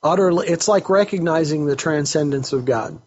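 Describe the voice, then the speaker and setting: Earnest husky man on a lo-fi recording. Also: a little high, normal speed, darkish tone. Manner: earnest, repeats words while searching for phrasing. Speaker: counselor host. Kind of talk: casual faith talk. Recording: dull lo-fi recording.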